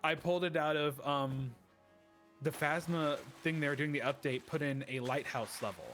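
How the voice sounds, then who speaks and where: A man's voice: a little high, normal speed, fairly bright tone, soft background music. A man chatting casually with a friend while they play a game, giggly and joking. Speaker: gaming co-host. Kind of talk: casual gaming chat.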